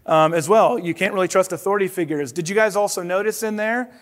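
A man's voice: sits high, fast, long reverb tail. A man reading a children's story aloud, then giving an interactive talk that asks the audience questions. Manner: engaging, asks the room questions.

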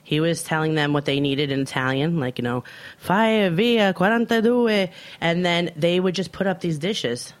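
A woman in her thirties, a chef from Brooklyn, telling stories in a casual interview and acting out the dialogue as she goes. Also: very deep voice. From Brooklyn, New York, USA. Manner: animated storyteller who acts out quoted dialogue. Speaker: chef, guest.

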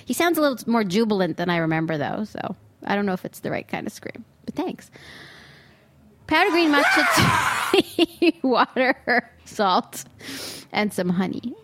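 A woman hosting a solo food podcast speaks a little fast in an animated, mid-range voice. Exasperated and sarcastic, she airs her opinions with outbursts of disbelief. The recording comes from a studio booth on a studio mic, with no echo.

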